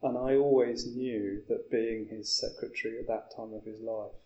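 A man reflects in a measured, earnest way. His delivery stays flat and even, and his mellow tone is muffled by a dull, lo-fi recording. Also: lowish voice. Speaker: guest. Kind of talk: reflective conversation.

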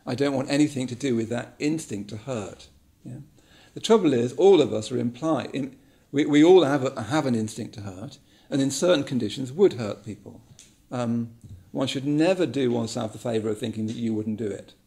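A man gives a reflective talk, thinking aloud and circling back over his words. His voice is gravelly with a bit of fry, and it sits in a middling pitch. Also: moderate pace, warm tone. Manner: musing, repeats words, many ums. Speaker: speaker giving a talk.

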